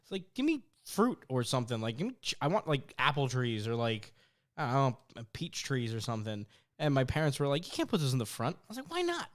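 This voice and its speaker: A young man co-hosts a podcast, his medium-pitched voice moving a little fast as he tells stories in casual chat. He's an animated storyteller who swears freely and acts out what people said.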